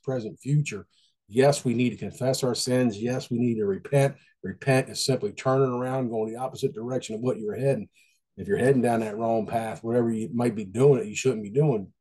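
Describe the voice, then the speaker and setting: A man's voice: medium pitch, dark tone, husky. A man giving a casual devotional talk, folksy and conversational, often repeating his phrases. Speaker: Christian devotional speaker.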